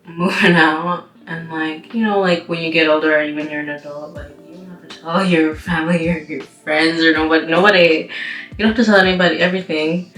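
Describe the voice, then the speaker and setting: A woman's voice: sits low, steady tone, fairly quick, a bit bright. A young woman vlogger telling a rambling storytime while doing her makeup, full of "like" and "you know.". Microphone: camera mic. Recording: roomy echo with background music.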